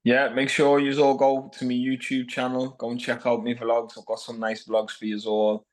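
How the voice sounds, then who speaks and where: A man's voice: mid-range voice, completely flat delivery, normal speed. A man with a Scouse accent from Liverpool, a fighter talking bluntly and brashly as a podcast guest. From Liverpool, England. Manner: brash, blunt, says "lad" constantly. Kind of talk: casual podcast chat.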